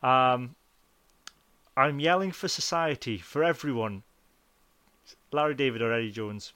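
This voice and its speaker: A man's voice: mid-range voice, a little slow, pushed and bright, clean tone, no room sound. Male podcast host, playful, laughs easily, runs a quiz, ordinary mid voice. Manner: playful quizmaster, laughs often. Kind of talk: casual chat.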